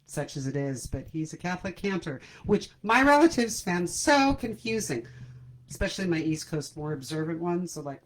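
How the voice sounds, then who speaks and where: Her voice sits on the low side with a sing-song lilt and normal speed as she runs a comedy livestream from home. She talks casually and self-deprecatingly to her audience, laughing at her own humor, through a computer camera mic that yields a low-quality recording.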